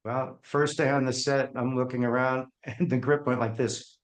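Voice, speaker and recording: Speaking at a normal speed in a mid-range voice, this man is a podcast guest recounting career stories in an interview. He plays out the voices of the characters with lively energy, and the room sounds echoey.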